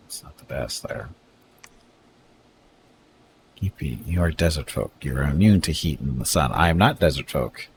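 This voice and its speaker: A man's voice: extremely low pitch, background noise. A man streaming a strategy game, casually reading out unit stats and greeting viewers. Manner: reads unit stats aloud, chats with viewers. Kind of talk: casual live-stream commentary.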